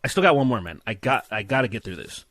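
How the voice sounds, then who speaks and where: A man's voice: lowish voice, expressive, fast talker, a bit bright, no room sound. Crude joking podcast man, dry sound. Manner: crude, joking, talks over others. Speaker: podcast co-host. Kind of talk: casual podcast banter.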